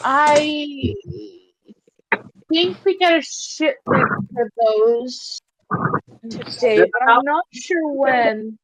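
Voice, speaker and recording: A woman game master running a tabletop game, who plays the innkeeper in much the same plain voice. She speaks slowly and hesitantly and leans on fillers, in a voice a little higher than usual. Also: a little hiss or hum, rough recording.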